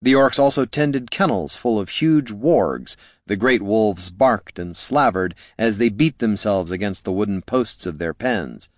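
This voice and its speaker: A man reading fantasy fiction as an audiobook narrator in steady storytelling style. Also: on the low side, measured pace, no echo, studio quality.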